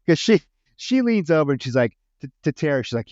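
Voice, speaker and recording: Male co-host, expressive storyteller, dry close mic with a dull, muffled edge. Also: a little high, fairly quick, no room sound. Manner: animated retelling, acting out film lines, swears. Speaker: podcast co-host. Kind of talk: casual movie review chat.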